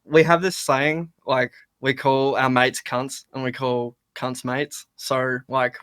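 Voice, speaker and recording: Casual Australian bloke up at 3 a.m., bright, forceful voice, dry close sound. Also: male voice, medium pitch, flat delivery, slow pace, smooth, no echo. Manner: laid-back, swears freely, laughs a lot. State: up late at 3 a.m. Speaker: guest, metalcore vocalist. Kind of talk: casual chat over a video call.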